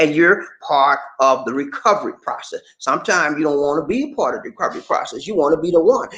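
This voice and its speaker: A man host giving casual relationship advice, animated and repetitive, talking straight to the viewer. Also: on the high side, reverberant, poor audio.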